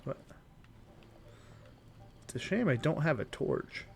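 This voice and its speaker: A man's voice: fairly high pitch, very animated, slow pace, gravelly, slight background noise. A young adult man streaming a game live, chatting to his viewers and thinking aloud while he plays. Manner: thinks aloud while playing and reading chat. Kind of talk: live gameplay commentary.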